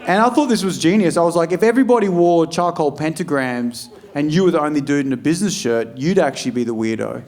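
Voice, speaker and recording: A man's voice: fairly high pitch, fast, hardly any pauses. An Australian man doing a stand-up set, swearing freely and acting out scenes from his stories. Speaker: stand-up comedian. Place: comedy club stage. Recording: live room with a laughing crowd.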